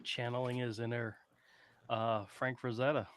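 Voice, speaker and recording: A man's voice: mid-range voice, little pitch movement, unhurried, fairly bright tone. A man who owns a comic shop, chatting casually with a dry, teasing manner. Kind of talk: casual chat.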